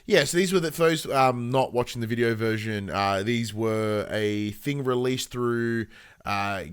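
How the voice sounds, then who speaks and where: A man's voice: mid-range voice, measured pace, clear, resonant tone, no room sound, clean studio sound. An Australian man co-hosting a podcast, telling rambling stories with lots of fillers and chuckles. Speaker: podcast co-host. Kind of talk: casual podcast chat.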